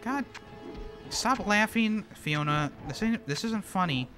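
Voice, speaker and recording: A young man streaming a video game live, swearing and venting his frustration in loud outbursts. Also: high voice, lively intonation, takes it slowly, soft background music. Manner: exasperated, swearing, frequent outbursts. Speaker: gaming streamer. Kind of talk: live gameplay commentary.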